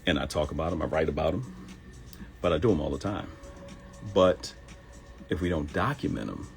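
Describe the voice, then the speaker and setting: A middle-aged man, a comedian hosting his own live show, telling stories in an animated, joking way. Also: very deep voice, moderate pace, gravelly, soft background music, low-quality recording.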